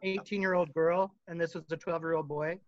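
A man's voice: on the high side, fairly even intonation, fairly quick, lo-fi sound. A man from the United States, a musician guest, rambling through stories in a casual interview and laughing often.

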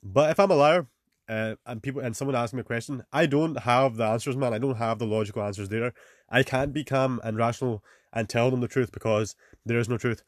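Fast-talking casual man, dry close sound. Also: medium pitch, no room sound. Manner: casual, peppered with "man", swears, fillers. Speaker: podcast host. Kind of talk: casual advice monologue.

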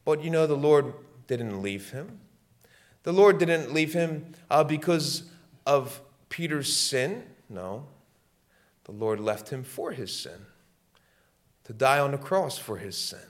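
A middle-aged man preaching a sermon as pastor, repeating his lines and swinging between loud, fervent peaks and hushed, quiet passages. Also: medium pitch, sing-song, takes it slowly, pauses often.

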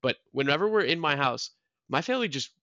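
Young man with a gravelly voice. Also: on the high side, fast talker, no room sound, muffled recording. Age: young adult. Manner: joking, self-mocking, animated storytelling. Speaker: podcast co-host. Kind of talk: casual chat.

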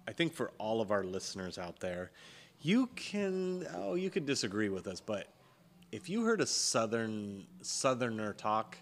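Low-voiced laid-back Californian man. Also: sing-song, moderate pace, a bit bright, a little hiss or hum. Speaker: podcast host. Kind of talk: casual chat.

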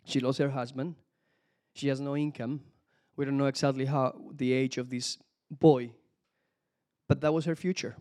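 A man preaching a sermon, animated, calling out hallelujah and praise the Lord between points. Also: medium pitch, normal speed. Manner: animated, exclamations of hallelujah, some restarts.

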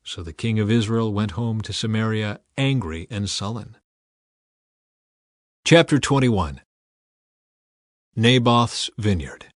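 A man reading scripture aloud in a measured, scripted way, lifting his voice a little for quoted speech. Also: dry recording, clean studio sound. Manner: measured, quotes read a little higher and louder. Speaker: Bible reader.

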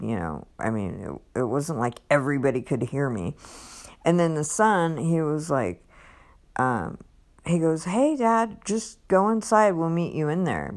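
A woman casually telling a personal story, rambling with lots of fillers and restarts and acting out other people's lines. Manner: acts out others' lines with raised pitch.

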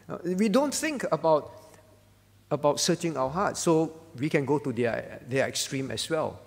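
Gravelly pastor in a reverberant hall. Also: male voice, a little high, expressive, unhurried. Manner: conversational preaching, often checks in with "all right?". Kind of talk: sermon at a livestreamed prayer meeting. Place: church hall.

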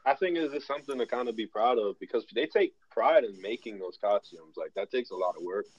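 A man's voice: lowish voice, brisk, husky, dry recording. A man chatting casually as a podcast co-host, laid-back and wry, often trailing off with ums. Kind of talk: casual chat. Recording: dull lo-fi sound.

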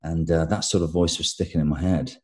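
A man with a Birmingham accent speaks low and mellow. He talks easygoing and self-deprecating, chuckling between thoughts as he answers an interviewer. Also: steady tone, fairly quick. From England. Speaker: actor, guest.

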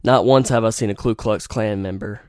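A young man rambles through a casual podcast story, cursing often and stating blunt opinions. His voice sits low and sounds smooth and resonant. The recording is dry and close, with no room sound. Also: fairly even intonation, moderate pace, no room sound. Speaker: podcast host.

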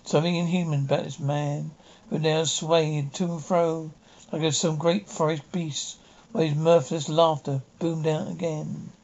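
A man reading a short story aloud with dramatic pauses. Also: fairly high pitch, little pitch movement, vocal fry, a little mellow, highs cut off. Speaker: audiobook reader. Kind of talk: storybook narration.

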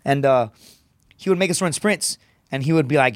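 A man's voice: medium pitch, normal speed, no echo, clean studio sound. Man in his thirties swearing through stories. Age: 30s. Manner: profane, tags sentences with "right?". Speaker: podcast guest, comedian. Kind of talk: casual storytelling.

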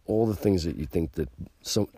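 A man hosting a podcast, delivering a brash, boastful and profane rant that gets louder and higher when he is worked up. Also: lively intonation, moderate pace, breathy edge, dry recording, clean studio sound. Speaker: podcast host. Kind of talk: ranting podcast monologue.

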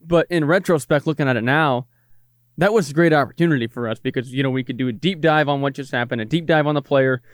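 A man rattling along quickly, his voice smooth and crisp, peppered with "you know" as he looks back on his call. The sound is close and dry. Relaxed but brisk studio chat. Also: medium pitch, no echo. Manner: brisk, self-deprecating, filler-heavy. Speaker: radio color analyst. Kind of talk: casual chat.

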